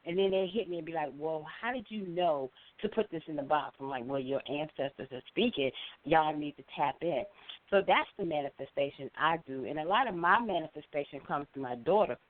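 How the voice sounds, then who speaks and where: A middle-aged woman calling in to a show, telling a story with lively acted-out quotes. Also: deep voice, fairly quick. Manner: animated storyteller, acts out quoted voices. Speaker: caller. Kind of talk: call-in storytelling. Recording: phone line.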